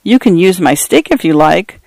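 Young farm boy, read by a man, eager, polite, fairly high voice, dry recording. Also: expressive, moderate pace, vocal fry, a little mellow, no room sound. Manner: polite, eager, says sir.

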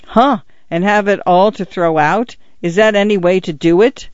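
A quarrelsome older housekeeper grumbles in a lifted, sharp-edged voice, as a man puts her on. Her complaints come thick and fast, and the recording is dry and a little muffled. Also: high-pitched, no room sound, natural voice. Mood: grumbling. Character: fussy, quarrelsome older woman, a priest's housekeeper. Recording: dull lo-fi recording.

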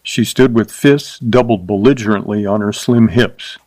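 A man narrating a short story in a steady, even storytelling voice, adding light character voices. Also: lowish voice, moderate pace, dry recording, poor audio. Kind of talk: scripted audiobook narration.

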